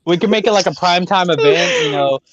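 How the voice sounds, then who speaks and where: A man's voice: high-pitched, quick pace, dry recording, lo-fi sound. A man on a casual podcast making joking, laughing asides.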